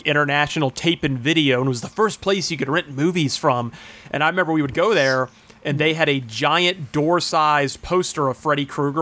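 Animated storytelling man, fairly high voice. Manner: animated retelling with acted-out movie voices, swearing freely. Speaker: podcast co-host. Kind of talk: casual chat, storytelling.

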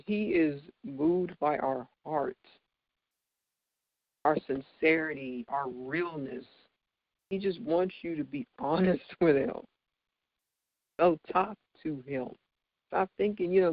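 A man's voice: a little high, gravelly, no echo. A man giving an informal, earnest faith talk, emphatic and chatty, with lots of fillers. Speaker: devotional speaker. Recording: dull dry lo-fi recording.

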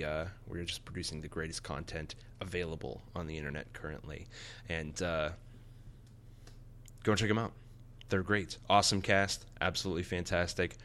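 Man, podcast host, low pitch, bright tone, playful and excitable, chatty comic review. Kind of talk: casual solo comic review.

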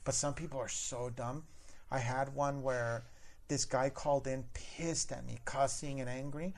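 Male podcast host, relaxed conversational storyteller who acts out callers. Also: mid-range voice, measured pace. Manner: animated, acts out callers and managers in his stories. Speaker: podcast host, former phone support worker. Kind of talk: casual storytelling chat.

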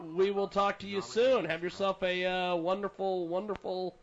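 Bright high-voiced radio host, lo-fi. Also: male voice, moderate pace. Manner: laughing, relaxed sign-offs, spells out web addresses. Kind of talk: casual radio chat and live ad reads. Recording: dull lo-fi radio sound.

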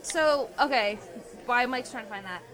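A woman co-hosting a podcast in casual chat. She is giggly and excitable and swears casually. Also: fairly high pitch, moderate pace, rough recording. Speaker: podcast co-host.

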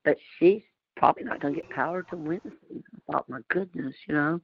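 A woman's voice: low voice, fast, creaky, husky, dry recording, narrow, tinny audio. A woman from Louisiana with a Southern US accent, chatting animatedly on a group call and telling stories. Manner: chatty, animated storytelling with frequent laughs. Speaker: community call participant. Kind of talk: casual group call chat. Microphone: remote call audio.

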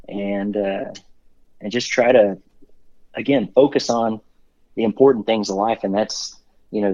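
A middle-aged CEO guest with a fairly low, darkish voice tells stories in an upbeat, rambling style, with many fillers and restarts, during a casual interview. The sound is dull and lo-fi.

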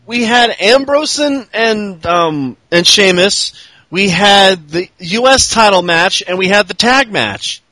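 Bright high-voiced man, crude and rambling. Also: expressive, takes it slowly, no echo, poor audio. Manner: profane, rambling, breaks into mock voices. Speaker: podcast host. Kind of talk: casual crude comedic recap chat.

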